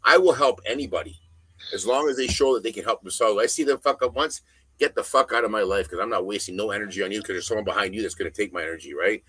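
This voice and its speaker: A middle-aged man talking as a podcast guest, ranting bluntly with heavy profanity and loud emphasis. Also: fairly low pitch, fast, breathy edge, dry recording, rough recording. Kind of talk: casual podcast conversation.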